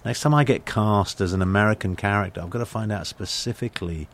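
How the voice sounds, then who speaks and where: A man's voice: lowish voice, fast. An older British man telling rambling anecdotes as a guest in a casual interview, with many restarts. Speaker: guest actor. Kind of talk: conversational interview storytelling.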